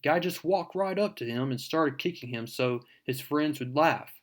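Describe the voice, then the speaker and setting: A defiant teenage girl who pushes back in a heated, protesting way , as a man reads her lines aloud. The voice sits a little above a man's ordinary speaking pitch. Her delivery is insistent and indignant. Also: expressive, moderate pace, lightly acted.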